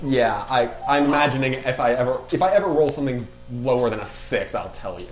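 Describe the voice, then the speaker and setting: A man's voice: medium pitch, lively intonation, a little fast, reverberant, rough recording. A man playing a tabletop game, thinking aloud as he plans inventive gadgets. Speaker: player. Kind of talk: casual tabletop play.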